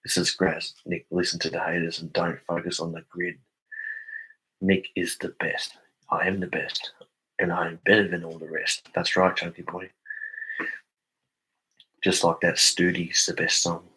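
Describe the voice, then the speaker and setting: A man's voice: deep voice, monotone, moderate pace, pauses often, sharp tone, husky, poor audio. A young Australian man on a casual live stream, reading viewer comments aloud and answering them.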